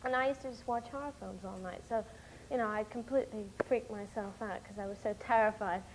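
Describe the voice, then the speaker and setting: A young woman from the United States being interviewed, telling stories in a rambling, animated way with many fillers. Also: medium pitch, brisk, background noise. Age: young adult. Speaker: interviewee, documentary film-maker. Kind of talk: casual chat.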